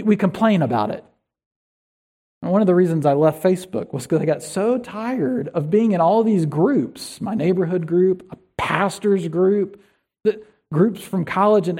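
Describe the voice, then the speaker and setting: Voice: medium pitch, dark tone. A pastor preaching a sermon in an earnest, conversational way, often asking the listeners questions.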